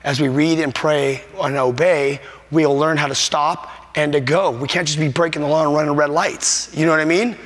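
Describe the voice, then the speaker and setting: A man's voice: fairly high pitch, fairly even intonation, normal speed, hardly any pauses, a bit bright. A man preaching a sermon as a pastor, emphatic and repetitive, at times choked up with emotion. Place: church sanctuary. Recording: long hall reverb.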